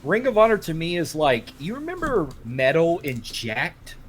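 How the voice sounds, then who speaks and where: A man's voice: on the high side, wildly swooping pitch, moderate pace, slight background noise. A man with a Cajun accent chatting casually as a podcast co-host, rambling and swearing, full of "like". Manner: rambling, profane, heavy on filler "like".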